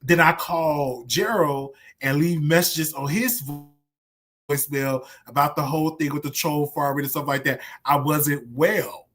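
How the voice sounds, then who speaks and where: Man, somewhat high-pitched, livestream host, candid, animated, repetitive. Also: a little slow. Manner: candid, animated storytelling, repeats himself. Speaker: show host. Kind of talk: casual livestream commentary.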